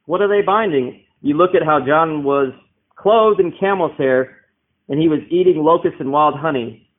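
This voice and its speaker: A man's voice: fairly high pitch, normal speed. A man preaching a Bible-teaching sermon, explaining verses and asking rhetorical questions. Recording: tinny phone-like sound.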